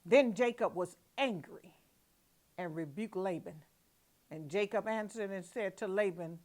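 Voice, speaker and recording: A woman evangelist giving devotional Bible teaching. She reads scripture slowly and emphatically, then explains it in casual, chatty asides. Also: mid-range voice, a little mellow. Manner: laughs at herself, repeats words.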